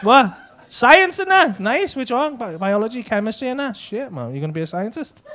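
A man's voice: extremely high pitch, very animated, moderate pace, fairly bright tone. A man doing stand-up crowd work, teasing and swearing as he chats with people in the audience. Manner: teasing, laughing, sweary banter. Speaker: stand-up comedian. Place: comedy club stage. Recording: noisy live club recording.

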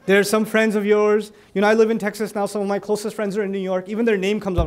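A man's voice: high-pitched, fairly even intonation, fast, few pauses. A man giving a conversational religious lecture, explaining verses with joking asides and acted-out little dialogues. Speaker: Islamic speaker.

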